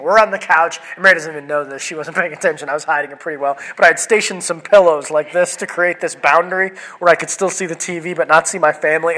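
A man's voice: a little high, sharp tone, low-quality recording. A man in his thirties preaching a sermon in a church, chatting playfully with the congregation. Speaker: pastor. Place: church sanctuary.

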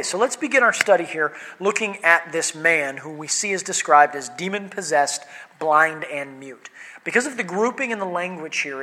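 Earnest pastor with a bright, forceful voice. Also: male voice, on the high side. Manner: earnest, emphatic teaching with pointed questions. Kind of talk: sermon with scripture reading and prayer.

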